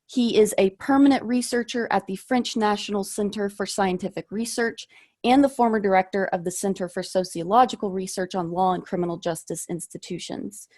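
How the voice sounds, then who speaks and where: A woman's voice: medium pitch, fairly even intonation, a little mellow. Woman moderator introducing speakers. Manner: measured, with occasional fillers.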